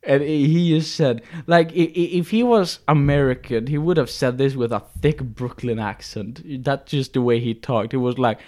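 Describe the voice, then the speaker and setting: A man's voice: mid-range voice, moderate pace, hardly any pauses, a little mellow. A man co-hosting a podcast, telling a story in casual chat with many restarts and fillers. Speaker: podcast co-host.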